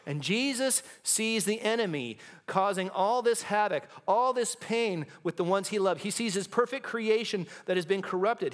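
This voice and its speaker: A man's voice: high voice, animated, moderate pace, few pauses. A male pastor preaching a sermon in a church, impassioned and building to dramatic intensity. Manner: acts out quoted lines in hushed and shouting voices. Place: church sanctuary.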